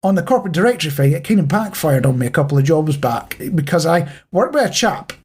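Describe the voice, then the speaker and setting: A man's voice: a little high, expressive, fast, darkish tone, slightly rough. A man co-hosting a casual chat podcast, talking playfully to his co-host and often addressing the listener directly. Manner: playful, self-mocking.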